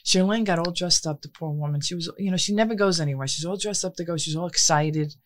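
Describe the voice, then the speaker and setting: Lady in her middle years venting about family, quick animated telling, dry close sound. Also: fairly low pitch, no echo. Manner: animated storytelling, acts out quotes. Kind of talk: casual chat.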